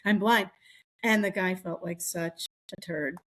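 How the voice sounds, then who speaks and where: A middle-aged woman with a slightly low voice talks through a long anecdote in casual podcast chat. She jumps into the voices of the people she quotes. Her speech runs loose, with restarts and asides. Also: measured pace, a bit bright. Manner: chatty storytelling, acts out quoted voices. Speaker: podcast co-host.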